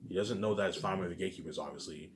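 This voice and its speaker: Low-voiced, fast-talking man ranting. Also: slight background noise. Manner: repetitive, profane, keeps asking "you know what I'm saying"; heated, restarts and stammers often. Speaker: vlogger. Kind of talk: rambling personal monologue.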